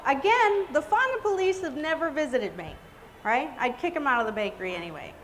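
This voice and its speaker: High-pitched woman, bubbly cake decorating instructor, echoey hall, light background noise. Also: lively intonation, a little fast, fairly bright tone. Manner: bubbly, chatty, exclamatory. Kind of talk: live cake decorating demonstration. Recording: reverberant hall with faint noise.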